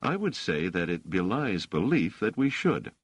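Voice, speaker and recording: A man's voice: deep voice, sing-song, moderate pace, husky, dry recording, voice pushed up, heavily acted. A man voicing an indignant scholar who answers accusations firmly, hotly and grimly. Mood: defiant. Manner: firm, hot and grim. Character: indignant male scholar under questioning.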